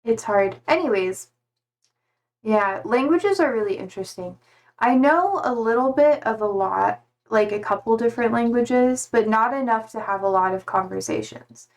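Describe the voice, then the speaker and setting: A woman's voice: on the high side, expressive, normal speed. A young woman from Germany whose first language is German, chatting casually with her livestream viewers and reading their messages aloud.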